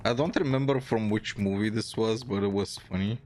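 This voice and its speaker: A man's voice: on the low side, a little fast, a little mellow, slight background noise. A man streaming a video game, chatting casually and thinking aloud as he plays. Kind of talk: casual gameplay commentary.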